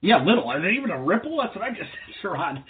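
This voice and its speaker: A man's voice: sits high, sing-song, fast talker, a loud crowd. A man co-hosting a sports talk podcast, with a wry, joking manner. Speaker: podcast co-host. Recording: phone-like line.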